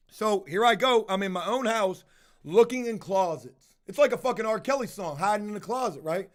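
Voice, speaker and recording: A man's voice: sits high, animated, unhurried, long pauses, a bit bright. A man telling a heated, profanity-heavy story in a casual monologue with lots of emphasis.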